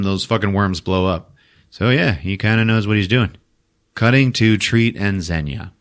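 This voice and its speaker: A man hosting a podcast, retelling a movie in a profane, animated way. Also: fairly low pitch, normal speed. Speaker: podcast host. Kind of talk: casual movie recap. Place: podcast studio.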